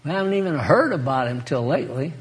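A man's voice: on the high side, lively intonation, fast. A man preaching an informal sermon in a chatty, folksy way, laughing and speaking to listeners by name.

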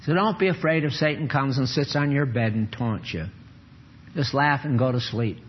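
An older man giving an informal, folksy sermon with chuckles and sudden animated bursts. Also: medium pitch, moderate pace, slight background noise. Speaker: preacher. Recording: dull lo-fi recording.

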